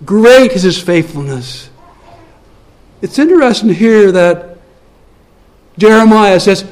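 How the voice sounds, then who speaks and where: A man preaching a sermon in an earnest way, repeating key phrases and stretching them out slowly, moving between soft, low passages and louder, raised lines. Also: expressive.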